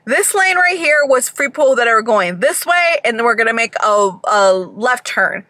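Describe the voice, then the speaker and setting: A young woman from Georgia, chatting casually in a storytime vlog, animated and swearing freely. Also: fairly high pitch, moderate pace, no echo. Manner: animated, swearing, acts out people in bursts. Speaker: vlogger.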